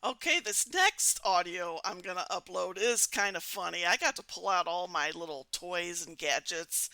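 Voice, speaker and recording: A woman's voice: on the low side, bright, forceful tone, no echo. A woman from Missouri chatting casually and with amusement as a podcast host, with frequent fillers. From Missouri, United States. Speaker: podcast host baiting romance scammers. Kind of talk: casual commentary.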